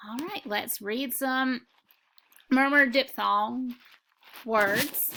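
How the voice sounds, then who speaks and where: Slow, bright-voiced phonics teacher woman. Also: fairly high pitch, creaky, slight background noise. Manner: slow, deliberate and instructive. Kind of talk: phonics lesson.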